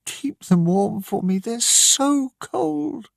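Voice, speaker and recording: A man voicing a desperate mother begging for help for her children, in a high strained voice. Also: lively intonation, slow, gravelly, dry recording, clean studio sound, exaggerated voice. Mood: pleading.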